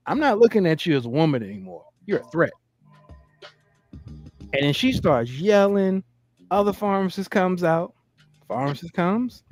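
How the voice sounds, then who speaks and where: Guy on a podcast telling a story, fairly high voice, swears a lot, acts out what people said, faint music behind. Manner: animated, profane, acts out quotes. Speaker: podcast host. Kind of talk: casual storytelling. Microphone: studio mic on a live stream.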